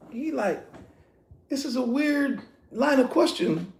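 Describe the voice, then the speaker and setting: A man preaches a sermon at full volume, emphatic and laughing, with slangy street talk. His voice is high and gravelly. The sound rings around an echoing room. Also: lively intonation, slow pace, long pauses, darkish tone. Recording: echoey room.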